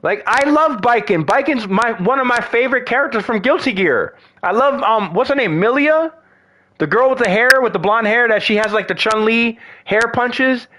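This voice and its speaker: High, bright-voiced man ranting profanely. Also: lively intonation, normal speed. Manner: profane, exasperated ranting with slangy asides. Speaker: gaming vlogger. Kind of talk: ranting casual monologue.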